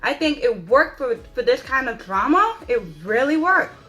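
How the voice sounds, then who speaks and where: A woman giving an excited, dramatic spoken movie review, stressing points with repeated rhetorical questions. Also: sits high, moderate pace. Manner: dramatic, emphatic, repeats "okay?" for emphasis.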